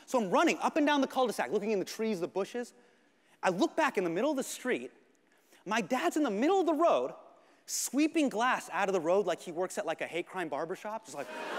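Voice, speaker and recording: A male comedian in his thirties tells a story on a theater stage, his high voice leaping up and down. He swings from shouting to hushed asides. A long reverb fills the hall. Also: normal speed. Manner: animated, expressive, shifts between shouting and hushed. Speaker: stand-up comedian. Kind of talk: stand-up storytelling.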